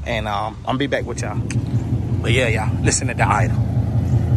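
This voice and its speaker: A man filming a casual car vlog outdoors, excited and a little out of breath, often repeating himself. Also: mid-range voice, moderate pace, pauses often. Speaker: car vlogger. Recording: noisy outdoor camera audio. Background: loud car engine and street noise.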